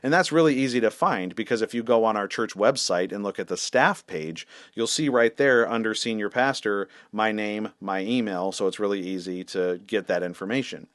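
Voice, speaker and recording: Low-voiced pastor telling a story casually. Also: male voice, normal speed, few pauses, fairly bright tone, no echo, studio quality. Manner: conversational, wry, self-deprecating, many fillers. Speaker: senior pastor.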